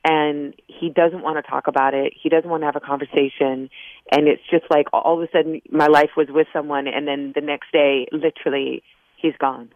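A woman's voice: deep voice, little pitch movement, normal speed, no echo. Shaken woman caller on a tinny phone line. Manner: earnest, shaken, asking for help. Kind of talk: call-in radio conversation.

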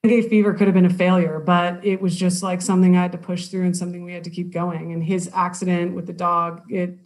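A woman with a somewhat low voice, appearing as a guest on a podcast. She speaks earnestly and encouragingly in a loose, filler-filled way. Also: flat delivery, quick pace, a little mellow. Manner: earnest, encouraging, uses many "like"s. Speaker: podcast guest, cyclist and hiker. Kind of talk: casual interview chat.

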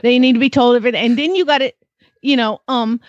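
A woman's voice: fairly high pitch, quick pace, no room sound, dull audio, close to an everyday voice. A woman voicing an old Southern grandmother with a Southern US accent, giving folksy, emphatic advice and calling the listener honey. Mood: bossy, folksy.

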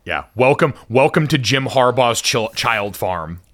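A man with a mid-range voice hosts a sports chat show. He sets up each topic steadily and deliberately, working through names and pausing on an "um" now and then. He sounds like someone used to calling games. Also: medium pitch, expressive, fairly bright tone. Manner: measured, deliberate setup with fillers. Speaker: podcast host and game commentator. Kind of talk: casual podcast chat.

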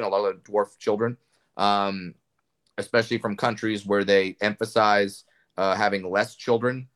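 A man's voice: fairly low pitch, a bit bright, clean tone. A man, a comedian guest, telling candid stories in a casual interview with frequent restarts.

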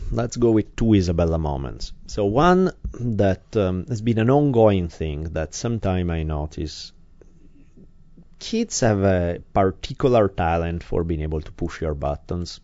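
A man's voice: deep voice, warm tone, dry recording. A man co-hosting a podcast, talking candidly in casual chat, self-deprecating and swearing freely. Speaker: podcast co-host. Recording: slightly dull lo-fi sound.

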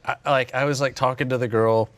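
A man's voice: mid-range voice, steady tone, a little fast. A young man casually telling a story on a podcast, rambling and full of restarts. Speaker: podcast co-host.

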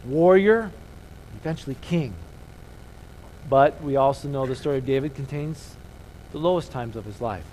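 A man's voice: mid-range voice, moderate pace, long pauses, mellow, a little hiss or hum, low-quality recording. A man preaching a conversational sermon, checking in with "okay?" and having the congregation repeat key phrases. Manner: conversational, leads call-and-response, frequent "okay?" checks.

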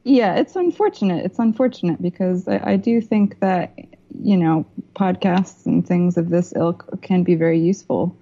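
A woman filmmaker, a podcast guest talking over a video call in a measured, thoughtful way. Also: lowish voice, mellow, a little hiss or hum. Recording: lo-fi call audio.

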